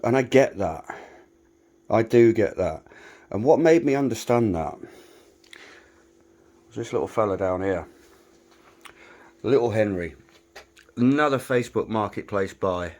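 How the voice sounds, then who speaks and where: A British man with a fairly low voice talks casually, filming a tour of his small garage workshop. His delivery is chatty and self-mocking, with dry humor. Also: lively intonation, unhurried, pauses often, darkish tone. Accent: British English. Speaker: woodworking maker giving a shop tour. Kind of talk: casual vlog walkthrough.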